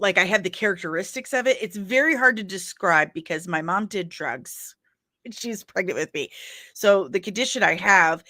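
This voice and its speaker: Low-voiced woman rambling on a livestream. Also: a bit bright, no room sound, studio quality. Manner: rambling, candid, with frequent laughs; apologetic asides. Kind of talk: casual chat on a livestream.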